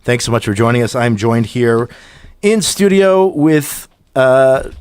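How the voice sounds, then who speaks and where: A man's voice: mid-range voice, animated, a little slow, a little mellow, smooth, no echo. A man hosting a radio podcast in a studio, talking conversationally with frequent restarts. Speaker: podcast host. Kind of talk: radio talk show hosting.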